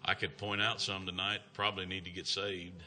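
Southern male evangelist, emphatic folksy sermon delivery, sharp bright tone. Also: low-pitched, level tone, fairly quick, soft background music. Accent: Southern American. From American South. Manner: folksy, emphatic, calls out "amen". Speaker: traveling evangelist. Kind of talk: revival sermon.

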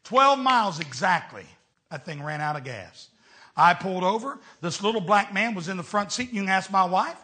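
A middle-aged man, preaching a storytelling sermon as a traveling evangelist, swinging between shouts and hushed tones. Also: high-pitched, lively intonation, normal speed.

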